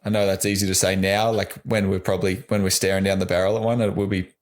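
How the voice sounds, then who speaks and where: A man's voice: deep voice, level tone, quick pace. A man with an Australian accent, a guest on a podcast, chatting easygoing and rambling with lots of "like". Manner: easygoing, rambling, says "like" a lot. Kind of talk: casual podcast chat.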